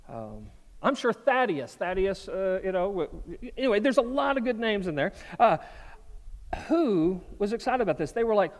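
A man preaching a sermon as pastor, conversational and animated, slipping into quoted voices. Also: high-pitched, a little fast. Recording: long reverb of a large hall.

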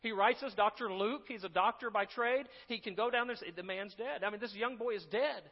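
Man preaching in a conversational style, high voice, long reverb. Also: fairly quick, highs cut off. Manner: conversational, with asides and restarts. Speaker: pastor. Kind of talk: sermon.

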